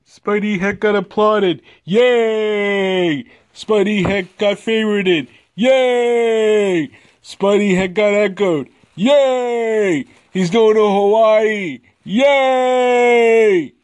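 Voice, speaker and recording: A man putting on a squeaky, chirpy voice as a cheering announcer. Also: extremely slow, no echo.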